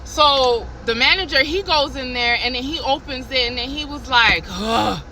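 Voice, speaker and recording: A woman vlogging from a car, retelling a work story in an animated, heated way with many restarts. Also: high-pitched, moderate pace, a little hiss or hum, rough recording. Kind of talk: casual storytime.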